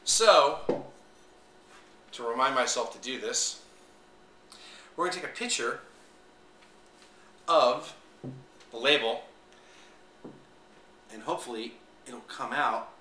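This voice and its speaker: A man's voice: mid-range voice, animated, slow pace, long pauses, bright, forceful tone, far from the mic, slight background noise. A man giving a casual wine review on video, rambling with plenty of fillers and trying out different pronunciations. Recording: echoey room, voice away from mic.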